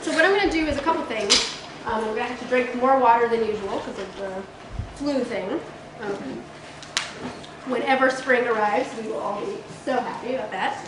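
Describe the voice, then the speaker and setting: Hoarse woman lecturing in an echoey hall. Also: fairly high pitch, normal speed. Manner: participatory, conversational, frequent ums. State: hoarse, losing her voice. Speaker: guest lecturer. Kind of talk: college lecture. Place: college lecture room. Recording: echoey room with background noise.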